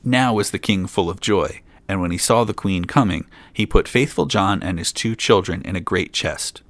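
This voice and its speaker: A man's voice: low voice, moderate pace, fairly bright tone, no room sound. A man reading an old fairy tale aloud, with dry asides of his own. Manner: reads plainly, drops in dry asides. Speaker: storyteller.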